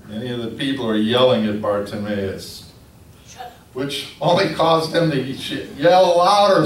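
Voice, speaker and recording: A man preaching a sermon, telling the story in a lively storytelling manner. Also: medium pitch, measured pace. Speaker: pastor. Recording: echoey room from a distance, faint noise.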